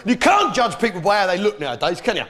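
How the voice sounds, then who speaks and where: Blustering comic on stage. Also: male voice, sits high, sing-song, fast talker, a bit bright. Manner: blustering, rhetorical, working the crowd. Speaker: stand-up comedian. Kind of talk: live stand-up comedy. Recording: live theatre show with audience. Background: crowd laughter.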